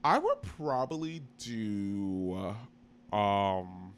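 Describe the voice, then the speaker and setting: A man co-hosting a podcast, chatting casually, quick to joke and laugh. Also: on the low side, expressive, slight background noise. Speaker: podcast co-host. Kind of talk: casual chat.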